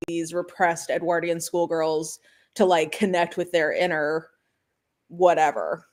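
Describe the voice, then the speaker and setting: A woman with a fairly low voice chatting in a book club over a video call. She rambles through her stories in an animated way, with many fillers and restarts. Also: unhurried. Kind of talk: casual book club chat.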